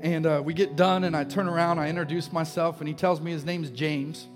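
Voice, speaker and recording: A man's voice: fairly high pitch, steady tone, brisk, long reverb tail. A man preaching a sermon as pastor, telling a story with growing passion and calling people forward. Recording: live sermon with music playing. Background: music.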